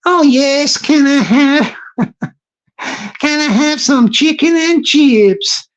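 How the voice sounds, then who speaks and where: A man's voice: very high voice, takes it slowly, voice pushed up. Man doing a put-on American accent, cheeky takeaway customer, playful, dull lo-fi audio. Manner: playful, rhyming.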